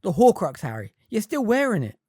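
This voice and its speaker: A fan reader voicing a brisk, bossy teenage girl witch who is impatient and anxious. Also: medium pitch, very animated, darkish tone, dry recording, clean studio sound, pitched above the performer's own voice.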